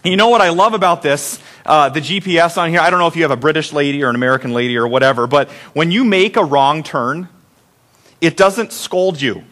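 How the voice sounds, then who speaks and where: A middle-aged male pastor preaches in a church with a somewhat high voice. His delivery is relaxed and conversational, and he pokes fun at himself. He keeps asking the congregation questions to draw them in. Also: brisk. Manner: conversational, self-deprecating, asks the congregation questions. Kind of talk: sermon. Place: church sanctuary.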